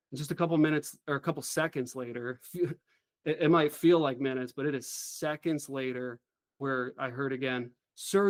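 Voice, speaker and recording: A middle-aged man recounts his story with earnest, lively energy. His voice sits at an ordinary pitch. The recording is close and dry, with no room sound. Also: no echo. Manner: earnest, animated storytelling with acted quotes. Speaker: guest, former helicopter pilot. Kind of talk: interview storytelling.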